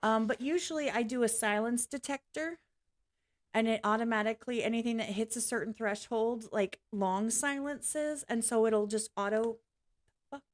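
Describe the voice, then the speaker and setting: A woman vlogging in a casual, rambling way, apologizing often and swearing now and then. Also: fairly high pitch. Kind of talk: casual reaction vlog chat.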